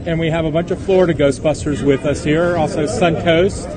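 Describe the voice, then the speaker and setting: Middle-aged fan interviewed outdoors, high-ish voice, traffic noise. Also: male voice, steady tone, brisk. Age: older. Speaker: fan club member. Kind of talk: street interview. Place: city street outdoors.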